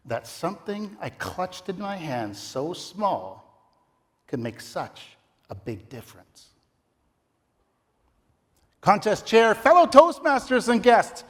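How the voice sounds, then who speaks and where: A middle-aged man delivering a theatrical, comic story speech in a competition in a large ballroom. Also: sits high. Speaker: contest speaker. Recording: reverberant ballroom.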